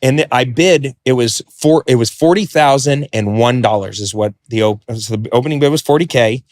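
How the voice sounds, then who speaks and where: A man telling a story as a podcast guest, animated, acting out quotes and swearing freely. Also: medium pitch, fairly quick, dry recording, studio quality. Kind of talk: podcast interview.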